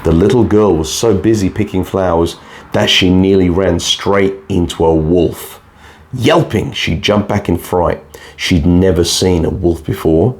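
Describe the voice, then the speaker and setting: A man narrating a bedtime fairy tale in a calm, steady storybook reading. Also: sits low, normal speed.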